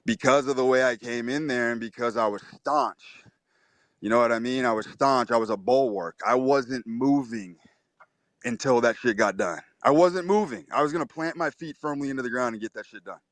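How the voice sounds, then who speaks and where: A man's voice: mid-range voice, normal speed, fairly bright tone, no room sound. Swaggering, profane man, dry close sound. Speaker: host. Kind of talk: storytelling on a live audio chat.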